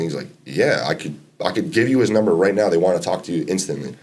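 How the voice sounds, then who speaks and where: Deep-voiced young man telling stories. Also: animated, very fast, few pauses, a little mellow. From Massachusetts, US. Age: 20s. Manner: rambling, laid-back, lots of fillers and quoted dialogue. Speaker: podcast guest, college basketball player. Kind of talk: casual storytelling interview.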